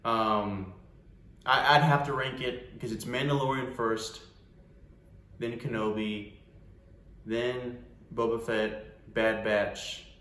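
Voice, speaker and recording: A man's voice: medium pitch, fairly even intonation, slow pace, pauses often, fairly bright tone. Exasperated man ranting in an echoey room. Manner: exasperated, rambling, with restarts and "man" tags. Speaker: vlogger reviewing a TV show. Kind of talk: casual unscripted vlog rant. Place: room at home with a cat nearby.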